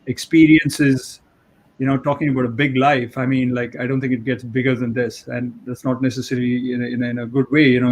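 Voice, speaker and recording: A man's voice: mid-range voice, a little mellow, low-quality recording. Man hosting a live video interview. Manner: friendly, loose, with many fillers. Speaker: host.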